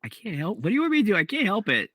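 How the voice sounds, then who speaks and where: A man co-hosting a laid-back podcast, telling stories with animated, self-mocking energy and a lively, varied pitch. His voice is bright, and the recording is close and dry. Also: very fast, no room sound. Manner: self-mocking, animated storyteller, laughs often. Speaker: podcast co-host. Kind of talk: casual chat.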